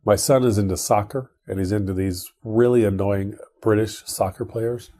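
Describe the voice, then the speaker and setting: Man, middle-aged, lowish husky voice, casual podcast chat, rambling with restarts. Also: fairly even intonation, moderate pace, dark tone. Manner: rambling, many restarts and fillers. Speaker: podcast co-host.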